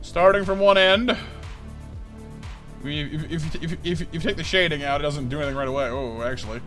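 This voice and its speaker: A man in his thirties talks casually as he draws on a live stream. His voice sits fairly high, and he rambles, repeating and restarting words. Faint music plays in the background. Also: fairly even intonation, moderate pace, a bit bright. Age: 30s. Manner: rambling, stammering, with lots of fillers. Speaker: art streamer.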